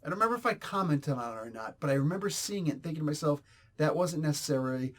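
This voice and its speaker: A man reviews a comic book in a blunt, rambling, exasperated rant. His voice sits slightly high for a man. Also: very animated, very fast, a bit bright. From New Jersey, US. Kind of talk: casual ranting review.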